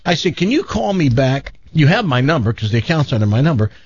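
Man, husky, exasperated caller with a lively voice, dull dry sound. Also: mid-range voice, quick pace, dry recording. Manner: exasperated, animated retelling with quoted voices. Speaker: caller telling a story. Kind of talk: casual storytelling on a talk show.

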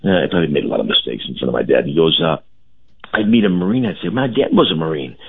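A man's voice: extremely low pitch, expressive, rapid-fire, gravelly, narrow, tinny audio, a little hiss or hum. A man who owns a car dealership, talking on a radio show in a folksy, rambling way with many restarts. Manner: folksy, patriotic, rambling storyteller. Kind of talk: casual radio chat.

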